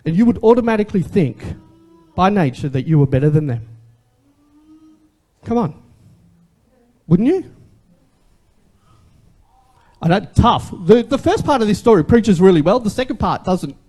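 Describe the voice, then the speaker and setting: A man preaching to his congregation in a loose, conversational sermon. His voice sits high and leaps all over the place with a lively energy. He keeps turning rhetorical questions back on his listeners. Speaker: pastor.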